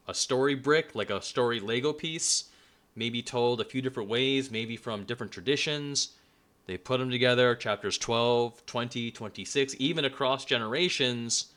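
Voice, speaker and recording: A man's voice: medium pitch, sharp tone, clear, resonant tone. A man giving a casual explanatory lecture in a conversational way, with restarts along the way. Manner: conversational, restarts, acts out quoted lines. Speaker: religious studies video presenter.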